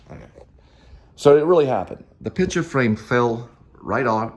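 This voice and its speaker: A man's voice: mid-range voice, lively intonation, normal speed, long pauses, slight background noise. A man hosting a casual vlog from his apartment, rambling and interrupting himself as he jumps between topics, filmed on a handheld phone. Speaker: vlog host. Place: apartment indoors. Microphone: handheld phone camera selfie.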